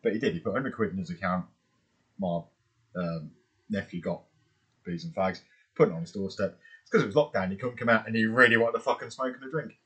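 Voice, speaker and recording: A man's voice: lowish voice, fast talker, pauses often, fairly bright tone, husky. A man co-hosting an unedited podcast, chatting casually, swearing and telling stories with silly voices. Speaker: podcast co-host. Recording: unedited home podcast mic.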